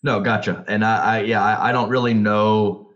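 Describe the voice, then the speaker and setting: A man hosts a casual podcast chat and asks loose questions packed with fillers. His voice sits fairly low, and the recording sounds dull and lo-fi. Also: level tone, normal speed, a bit bright. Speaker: podcast host and commentator.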